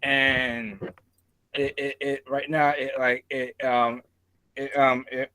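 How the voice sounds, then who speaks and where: A man at middle pitch speaks in a halting, filler-heavy way, holding back tears as he pays tribute. The sound is close and dry, with no room around it. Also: fairly bright tone, no echo. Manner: halting, many fillers and restarts. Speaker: mourner sharing a tribute. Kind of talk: emotional spoken tribute.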